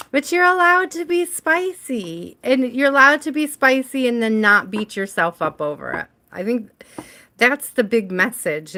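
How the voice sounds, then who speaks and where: A woman's voice: mid-range voice, sharp tone. A woman giving a casual livestream tarot reading, chatting with viewers by name and laughing often. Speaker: tarot reader.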